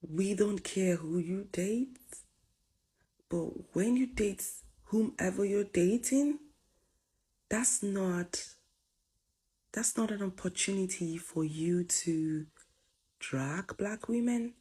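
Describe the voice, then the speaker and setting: Slow, husky woman commenting emphatically. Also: medium pitch, warm tone. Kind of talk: reaction commentary.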